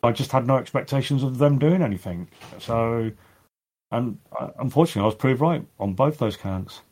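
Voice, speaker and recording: A man speaking as a guest on a casual podcast, halting, with many restarts and fillers. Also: mid-range voice, a little mellow.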